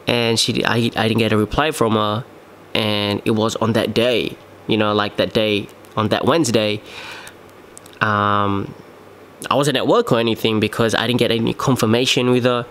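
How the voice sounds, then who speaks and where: A man's voice: medium pitch, a bit bright. Young man rambling casually. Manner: rambling, many fillers and restarts. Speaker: podcast host. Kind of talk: casual solo storytelling. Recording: faint background noise.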